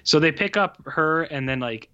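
A man's voice: on the high side, expressive, normal speed, bright, forceful tone, dull audio. A man in a casual movie review chat, rambling and swearing, with lots of filler words. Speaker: podcast co-host.

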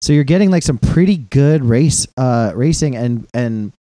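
A man in his thirties co-hosting a podcast, talking casually in a rambling, profane, animated way. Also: medium pitch, normal speed, dry recording, studio quality. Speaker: podcast co-host. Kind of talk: casual chat.

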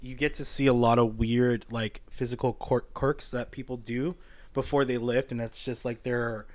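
A man's voice: medium pitch, flat delivery. A man who coaches powerlifting, a guest in a casual chat, easygoing and joking. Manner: easygoing, joking, quick to laugh along.

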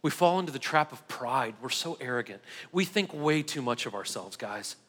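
A man's voice: mid-range voice, expressive, moderate pace, a bit bright, long reverb tail. A male pastor delivering an emphatic sermon, repeating key phrases and calling the congregation "guys". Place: church sanctuary.

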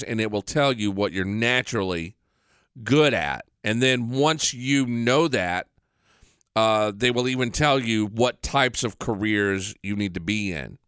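A man hosting a podcast, talking in a rambling, frank casual monologue, congested and clearing his throat from allergies. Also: medium pitch, bright, forceful tone, no echo, studio quality. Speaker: podcast host. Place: studio.

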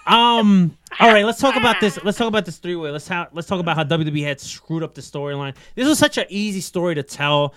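A man hosting a casual wrestling talk show, animated and rambling, laughing often. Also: high-pitched, quick pace, hardly any pauses, no echo, clean studio sound. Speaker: podcast host.

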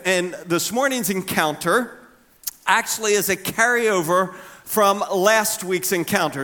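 A middle-aged man preaching a sermon as pastor, conversational and humorous, acting out quotes with big swings in pitch. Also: pushed and bright.

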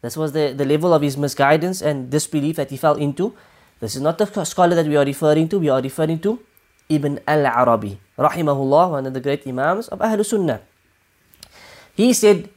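A man's voice: a little high, brisk, a little mellow. A man giving a Quran lesson, reciting Arabic verses and building his points with emphatic repetition and rhetorical questions. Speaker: Islamic teacher.

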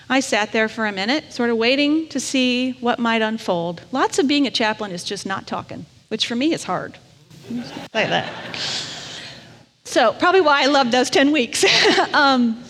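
A woman chaplain telling a personal story in a gentle storytelling sermon. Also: on the high side. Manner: gentle storytelling, briefly emotional. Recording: long reverb of a large hall.

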